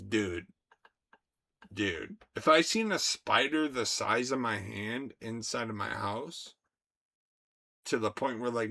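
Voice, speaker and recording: A young man streaming, talking to his chat in an excitable, profane rant. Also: fairly low pitch, vocal fry. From United States. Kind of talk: casual livestream chat.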